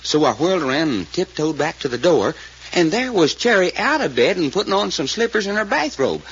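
An actor playing a folksy rural eyewitness, speaking in a drawl with rustic grammar in 1940s radio style. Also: male voice, a little high, very animated, fairly quick, a bit bright, slightly rough, full character voice. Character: folksy rural man, eyewitness called Doc. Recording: muffled old radio recording with faint hiss.

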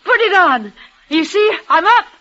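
A frail young woman near death, devoted and tender, speaks in breathless, halting bursts and restarts her words. The sound is dull and lo-fi, like an old radio broadcast. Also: extremely high pitch, animated, pushed and bright, heavily acted. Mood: brave, frail. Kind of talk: 1940s radio acting.

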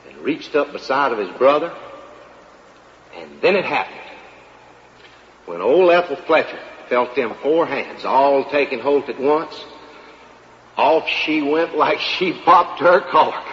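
A man's voice: a little high, a little hiss or hum. A man delivering a folksy comic monologue in a drawling storyteller's manner. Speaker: comedian. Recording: live hall, dull, audience. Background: audience laughter.

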